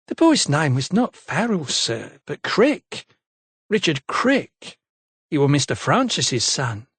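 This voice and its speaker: A man's voice: on the high side, sing-song, slow, a bit bright, slightly rough, no room sound, pitched above the performer's own voice, heavily acted. A man doing a wary young tavern girl. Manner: wary, guarded.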